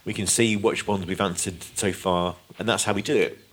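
A man's voice: low-pitched, steady tone, normal speed. A British man co-hosting a podcast, chatting easily, reading out listener questions and laughing often. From Britain. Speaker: podcast co-host.

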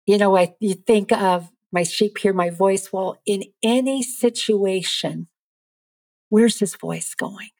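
A middle-aged woman speaking as a podcast guest, giving an earnest, lively faith testimony. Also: mid-range voice, slow, no room sound.

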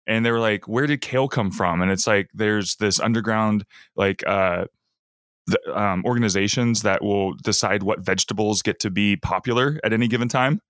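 A man's voice: lowish voice, moderate pace, fairly bright tone, dry recording, clean studio sound. A man chatting casually as a podcast co-host, rambling and losing his thread before starting over. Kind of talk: casual chat.

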